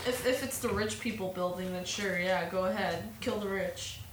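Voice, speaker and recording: A woman's voice: medium pitch, normal speed. A woman playing a tabletop game who stumbles over restarts as she talks. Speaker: player. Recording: echoey room, distant mic, clear noise.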